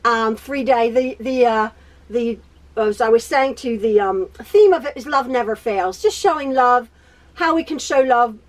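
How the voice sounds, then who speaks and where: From her sewing room at home, a quilting tutorial host chats in a voice on the high side at a normal pace. She rambles through a personal catch-up, often laughing, saying things twice, and stuttering.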